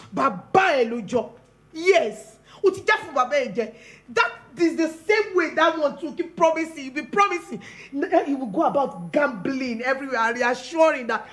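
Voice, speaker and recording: A high-voiced Nigerian mother scolds and complains, exasperated and nagging, as a woman acts her in a skit. The room is echoey around her voice. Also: a bit bright. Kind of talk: amateur skit acting.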